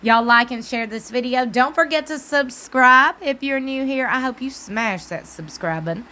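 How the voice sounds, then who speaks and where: A woman's voice: high-pitched, moderate pace, pushed and bright. A woman with a Southern US accent giving a sassy, casual recap of a reality TV show. She talks back to the screen and adds preacher-like asides. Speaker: TV recap host.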